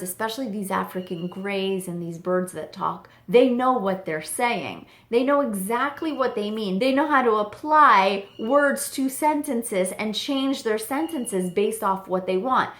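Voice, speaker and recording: A young woman telling a story on her vlog in an animated way, quoting herself and her parrot. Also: medium pitch. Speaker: parrot channel vlogger. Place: home room with birds. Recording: echoey room.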